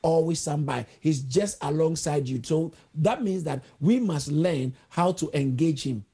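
A man's voice: on the high side, unhurried, dark tone, slightly rough. A man preaching a sermon, explaining word roots step by step in a teaching manner. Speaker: pastor.

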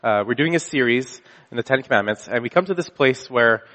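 This brisk Canadian pastor delivers a conversational sermon built around a personal story, catching himself and starting sentences over as he goes. His pitch is ordinary and middling, and the audio carries the long reverb of a large hall.

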